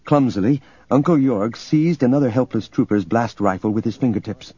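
A man narrating an audiobook in a steady, measured reading. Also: medium pitch, husky, no echo, muffled recording. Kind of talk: scripted narration.

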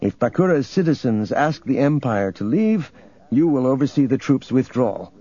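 A man reading a calm young jedi. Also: medium pitch, moderate pace, breathy edge, highs cut off.

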